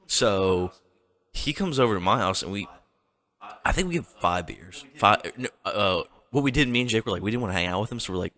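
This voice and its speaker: A man's voice: lowish voice, animated, a little fast, bright, forceful tone. A young man co-hosting a podcast, chiming in with loose, profane banter. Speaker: podcast co-host. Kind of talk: casual banter.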